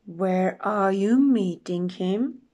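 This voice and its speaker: A woman voicing a sly male snake in a storybook reading, in a breathy, hissing whisper. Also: mid-range voice, slow, warm tone.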